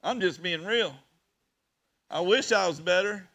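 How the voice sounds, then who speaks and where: Bright-voiced preacher swinging loud to hushed. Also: male voice, high-pitched, measured pace. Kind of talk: sermon.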